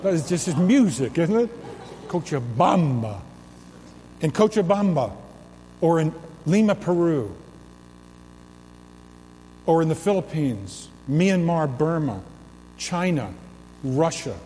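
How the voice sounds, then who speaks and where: Slow, mellow-voiced man preaching in a reverberant hall. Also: on the high side, lively intonation, slight background noise. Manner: emphatic preaching with swelling repeated phrases. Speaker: pastor. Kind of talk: sermon. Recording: long reverb of a large hall.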